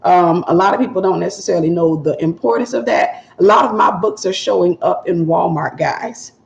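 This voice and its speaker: A woman's voice: on the low side, brisk, creaky. A woman hosting an early morning livestream, still in her sleepy voice, chatting casually and repeating phrases as she greets viewers. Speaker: livestream host and publisher. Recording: dull lo-fi livestream audio in an echoey room.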